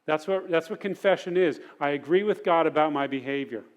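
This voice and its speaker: A man's voice: on the high side, a little fast. A middle-aged man teaching a parenting sermon at church in an earnest, conversational way.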